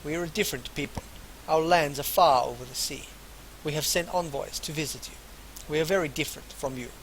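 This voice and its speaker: A man's voice: fairly high pitch, fairly bright tone, slight background noise, poor audio. A man putting on a formal foreign woman envoy. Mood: earnest. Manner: halting foreign accent put on, measured formal phrasing.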